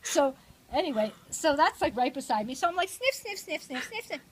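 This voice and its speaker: A woman's voice: high voice, very animated, brisk. Rambling, profane older woman. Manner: rambling, profane, laughing often. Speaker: storyteller. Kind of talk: casual anecdote. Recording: noisy home recording.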